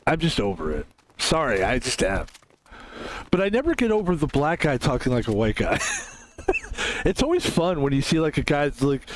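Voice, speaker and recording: A man's voice: medium pitch, slight background noise. A man from the United States rambling casually while streaming a game, often trailing off, restarting and laughing.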